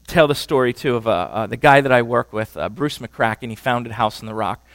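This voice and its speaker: A man's voice: fairly high pitch, fairly bright tone, no echo. A man giving a conversational sermon on marriage, often checking in with the audience. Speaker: preacher teaching on marriage.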